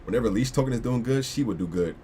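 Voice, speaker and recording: A man's voice: mid-range voice, lively intonation, quick pace, warm tone, a little hiss or hum. A young man hosting a casual crypto livestream, rambling with lots of restarts and slangy asides.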